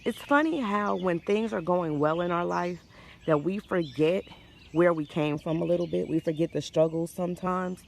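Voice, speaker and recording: A woman speaks as a life coach in a faith-based motivational talk, her voice gravelly with vocal fry. She talks warmly and conversationally, often stopping to restart a sentence. Faint outdoor sounds with birdsong sit behind her. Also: fairly low pitch, slight background noise. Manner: warm conversational encouragement with frequent restarts.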